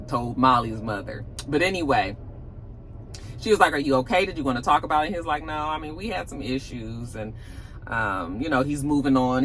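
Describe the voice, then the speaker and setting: A woman's voice: low voice, pushed and bright, slight background noise, low-quality recording. A woman recapping a TV episode in a chatty, slangy way, laughing often. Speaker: TV episode reviewer. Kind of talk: casual TV recap.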